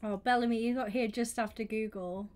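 A young woman livestreaming a game, chatting with her viewers and thinking out loud, often slipping into a whisper. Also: on the high side, fairly even intonation, brisk. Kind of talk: casual gaming stream chat.

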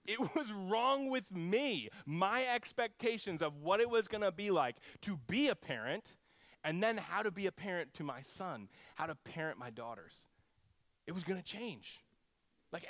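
A man preaching as a pastor in a lively, conversational sermon, with a fairly high voice that swings widely up and down. The sound is dry and close. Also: no echo. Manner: animated, conversational preaching with acted-out quotes. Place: church.

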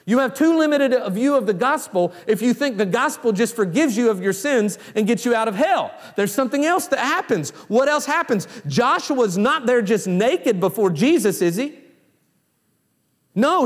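A man preaching a sermon as pastor, swinging between hushed low lines and raised, emphatic exclamations. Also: animated, moderate pace. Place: church sanctuary. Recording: long reverb in a church hall.

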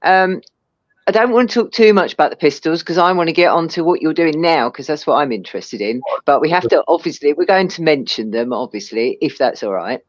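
Lively, chatty English woman host on dull audio. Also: sits low, a little fast. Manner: chatty, enthusiastic, laughs easily. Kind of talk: casual interview chat.

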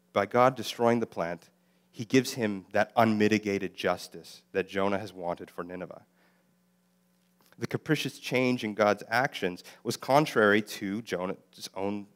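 A man preaching a sermon as a guest speaker, explaining the Hebrew text with fillers and self-corrections and quoting lines in a livelier voice. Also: fairly low pitch. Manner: voices God and Jonah in lively quoted lines.

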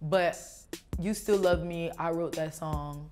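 A young woman, a gospel singer being interviewed, who talks quickly and earnestly and breaks into soulful song. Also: lowish voice, fairly even intonation, darkish tone, soft background music. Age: young adult. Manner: bursts into soulful singing, then talks fast and earnest. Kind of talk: casual interview with sung snippets.

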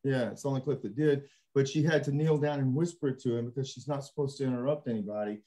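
A man hosting a casual panel discussion, animated and laughing as he acts out quotes. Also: mid-range voice, fast. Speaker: panel host.

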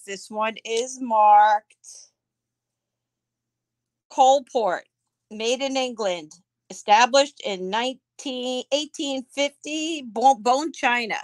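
Woman, live-stream auction seller, unhurried chatty delivery, slightly high voice. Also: no echo. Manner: chatty, answers viewer comments by name; describes items aloud as she handles them. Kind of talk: casual live-stream selling.

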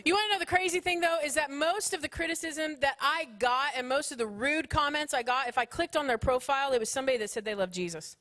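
A woman speaker in her thirties delivers a sermon to a conference crowd. Her voice sits high, and she moves between playful jokes and earnest exhortation. Her talk is full of Southern phrasing. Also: fast talker, few pauses. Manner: animated, joking preaching with Southern phrasing.

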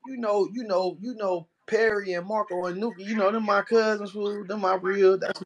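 Male guest, high voice, halting and filler-heavy. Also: fairly even intonation. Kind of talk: casual chat.

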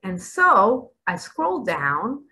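Woman, middle-aged, spiritual commentary, emphatic, dramatic, sometimes whispering, bright tone, unhurried. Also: medium pitch, huge pitch swings, low-quality recording. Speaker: spiritual vlogger.

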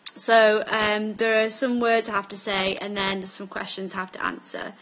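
A woman's voice: mid-range voice, monotone, fairly bright tone, low-quality recording. A woman in her twenties from Staffordshire, with a mixed northern English accent, chatting casually through a word list in an accent tag video with many ums. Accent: northern English mix. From Staffordshire, England. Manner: unhurried, with frequent ums. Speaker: vlogger.

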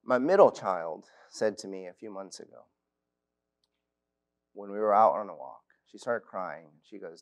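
A man's voice: fairly low pitch, expressive, a little slow, pauses often. A man in his thirties or forties preaching a sermon in a church, earnest and personal, weaving in stories from his own family. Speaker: preacher at youth lectures. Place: church auditorium.

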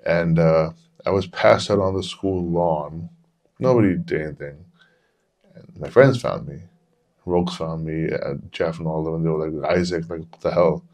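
A man in his forties with a very deep, low voice talks casually on a podcast. He rambles through candid personal stories and curses freely as he goes. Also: steady tone, measured pace, a little mellow. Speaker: podcast host. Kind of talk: casual storytelling chat.

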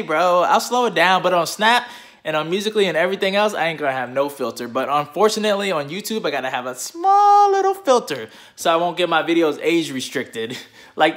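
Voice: mid-range voice, a bit bright. A YouTuber ranting casually to subscribers into a phone camera, slangy, joking and swearing a lot. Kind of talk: casual vlog rant.

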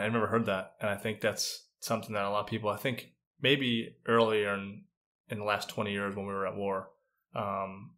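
A man's voice: fairly low pitch, a bit bright. A man talking as a podcast guest, candid and self-deprecating about his career. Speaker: guest, special agent. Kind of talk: casual interview chat.

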